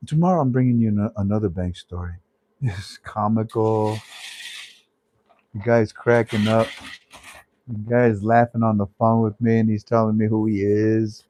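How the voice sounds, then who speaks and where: A man's voice: on the low side, moderate pace, mellow, no echo. A man hosting a casual monologue, emphatic and repetitive, often breaking into laughter. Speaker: host. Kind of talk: casual talk show monologue.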